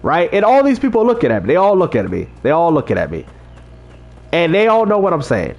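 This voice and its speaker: A man with a fairly high voice chats with his livestream viewers about faith. He talks like a street preacher, direct and repetitive, checking that chat is following him. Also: wildly swooping pitch, fairly quick, creaky, darkish tone. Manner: talks straight to chat, repeats himself, preachy street-evangelist talk. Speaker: livestream host reading chat.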